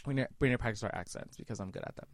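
A young man co-hosting a casual podcast chat, animated and quick to laugh. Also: mid-range voice, noisy background. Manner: animated, laughs often, jokey. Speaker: podcast co-host.

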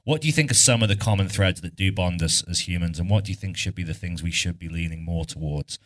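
A man hosting a live podcast interview on stage, asking long, measured questions. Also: low-pitched. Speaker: podcast host. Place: arts club stage, indoors.

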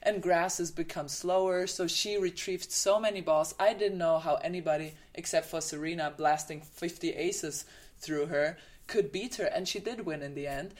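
German-accented woman, low voice. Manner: attentive, quick to agree. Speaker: podcast co-host; former tennis player. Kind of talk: casual chat.

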